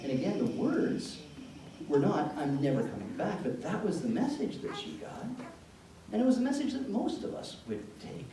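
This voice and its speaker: A man with a Canadian accent giving an informal talk to parents, a lively storyteller who acts out dialogue in changed voices. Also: high-pitched, moderate pace. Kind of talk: informal lecture with acted-out anecdotes. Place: meeting room, large and echoey. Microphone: room mic from a distance. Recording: echoey room from a distance, faint noise.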